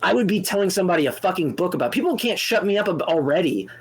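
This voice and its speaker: A man co-hosting a call-in debate show, animated and exasperated, speaking in fast bursts with restarts and swearing freely. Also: high-pitched, slightly rough. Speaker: co-host answering a caller.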